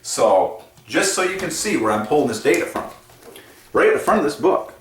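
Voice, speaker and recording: A man hosting a casual explanatory monologue in a playful, animated way, often chuckling at his own asides. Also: a little high, normal speed, a little hiss or hum. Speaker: channel host presenting number patterns. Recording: echoey room, mic set at a distance.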